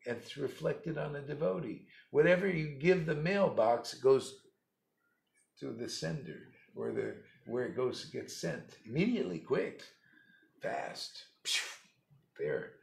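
A man's voice: medium pitch, very animated, a little slow, vocal fry. A man giving a rambling, blunt spiritual talk, mocking and laughing often. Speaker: spiritual teacher. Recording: echoey room.

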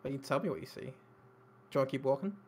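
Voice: mid-range voice, fast talker, breathy edge. A game master running an online tabletop game, chatting casually, laughing often and easily flustered.

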